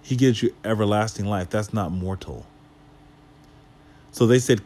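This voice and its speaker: A man with a fairly low voice reads old scripture verses aloud and then unpacks them for his listeners. He keeps asking rhetorical questions and drops casual asides as he explains. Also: measured pace, long pauses, a little mellow. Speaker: Bible teacher. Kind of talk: Bible study teaching.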